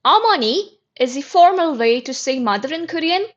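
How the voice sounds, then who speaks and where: A woman's voice: high-pitched, lively intonation, brisk, muffled recording. A woman teaching a beginner vocabulary lesson, patiently explaining and repeating each word twice. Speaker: language teacher.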